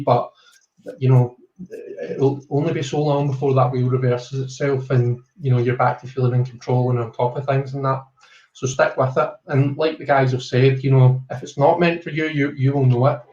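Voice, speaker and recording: A man's voice: mid-range voice, level tone, moderate pace, darkish tone. A man with a Scottish accent giving a casual tarot reading, hesitant with many fillers and reassuring. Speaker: tarot reader on a live stream. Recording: roomy, dull lo-fi call audio.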